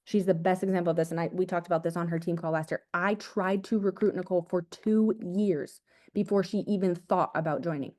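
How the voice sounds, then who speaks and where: Fast-talking young woman coaching her team. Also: on the low side. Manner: energetic, repetitive, casual slang like "dude" and "guys". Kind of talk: motivational team talk.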